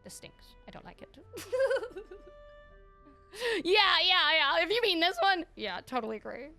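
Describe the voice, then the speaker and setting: A woman streaming a video game, chatting candidly with viewers in a casual, animated way. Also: very high voice, brisk, soft background music. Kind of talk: casual gaming livestream chat.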